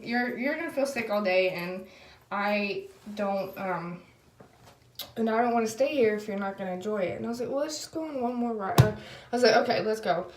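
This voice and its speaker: A young woman telling a story in a casual video diary, rambling with lots of fillers and quoted back-and-forth, and apologizing in self-conscious asides. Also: a little high. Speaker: vlogger. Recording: echoey room.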